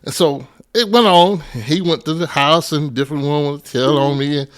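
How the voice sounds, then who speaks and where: A middle-aged man, a pastor telling stories as a podcast guest, often laughing and building to loud bursts. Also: on the high side, normal speed. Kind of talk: animated storytelling in casual conversation.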